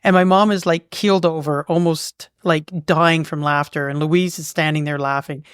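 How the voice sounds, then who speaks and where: A Canadian woman co-hosting a podcast and telling a farm story in loose casual chat. Her voice is smooth and clear, and it is recorded dry and close with little room sound. She rambles along with plenty of ums, uhs and restarts. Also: sits low, steady tone, moderate pace, dry recording. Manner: rambling, lots of fillers and restarts. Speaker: podcast co-host. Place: local museum.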